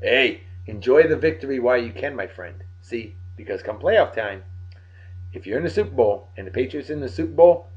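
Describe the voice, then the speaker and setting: A tired man giving joking, animated shout-outs to friends in a casual vlog. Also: medium pitch, fairly quick. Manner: animated, joking sports banter. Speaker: vlog host. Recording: dull lo-fi recording.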